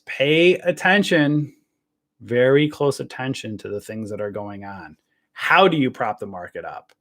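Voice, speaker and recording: A man's voice: medium pitch, a bit bright. Rambling male stream host. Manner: rambling, filler-heavy, addresses viewers as guys. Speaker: trading show host. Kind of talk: casual livestream chat.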